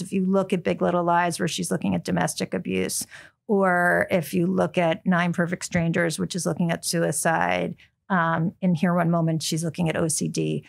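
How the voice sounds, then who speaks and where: A middle-aged American woman, a book editor, chatting in an interview, full of ums and quick restarts. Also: lowish voice, gravelly. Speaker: book editor, podcast guest. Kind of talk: casual interview chat.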